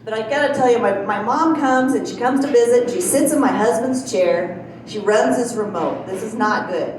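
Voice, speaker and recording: A middle-aged woman does stand-up in a small club, spinning folksy stories and chuckling at her own punchlines. Her voice sits fairly high and rings through a very echoey room. She is picked up from a distance over a faint hiss. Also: normal speed. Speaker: stand-up comedian. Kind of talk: stand-up comedy set. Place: small comedy club stage.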